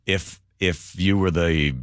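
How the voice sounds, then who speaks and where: A man's voice: sits low, fairly even intonation, takes it slowly, smooth, no echo. A man hosting a talk radio show, delivering sarcastic commentary full of mocking rhetorical questions into a studio microphone.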